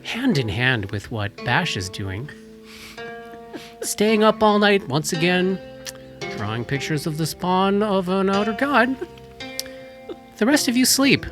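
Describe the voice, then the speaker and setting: A game master narrating a tabletop horror game in a slow, dramatic storytelling manner. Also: medium pitch, very animated, music in the background.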